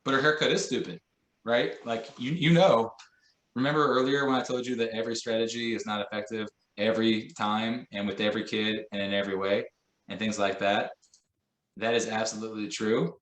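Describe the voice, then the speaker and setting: Low-voiced man teaching in an echoey room. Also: fairly even intonation, a little fast. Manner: conversational, uses examples and acted-out quotes. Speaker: teacher trainer. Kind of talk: professional development lesson.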